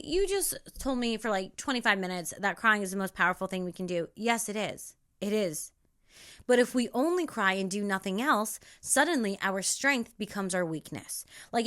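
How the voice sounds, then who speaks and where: A young woman hosting a spiritual self-help podcast, talking in an emphatic, repetitive, animated way. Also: mid-range voice. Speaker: podcast host.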